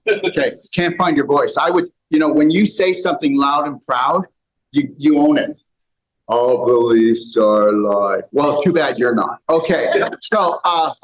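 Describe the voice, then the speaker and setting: A man speaking to a live audience in a seminar room, preachy and animated, swinging between loud and quiet. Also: medium pitch, low-quality recording. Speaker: health speaker.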